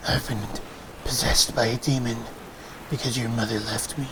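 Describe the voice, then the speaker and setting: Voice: mid-range voice, fairly even intonation, normal speed, a bit bright, a little hiss or hum, pitched below the performer's own voice, natural voice, low-quality recording. A streamer doing a lonely spooky ghost father. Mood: gloomy.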